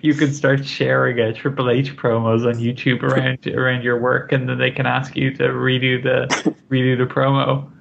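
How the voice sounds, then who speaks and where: A man hosting a podcast in casual chat, halting and wry, with many restarts. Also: mid-range voice, flat delivery, creaky. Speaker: podcast host. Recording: dull, lo-fi podcast mic with faint noise.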